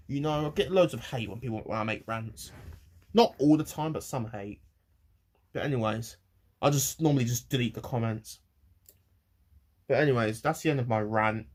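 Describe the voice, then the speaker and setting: An eighteen-year-old man rants to camera, rambling, with many pauses and restarts. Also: mid-range voice. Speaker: vlogger. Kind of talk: ranting to camera.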